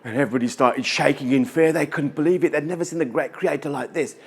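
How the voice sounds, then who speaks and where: Male storyteller, fairly high voice, dramatic, repeats lines rhythmically, live event. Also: fast, husky. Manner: dramatic, rhythmic repetition, spoken sound effects. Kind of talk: live folktale telling.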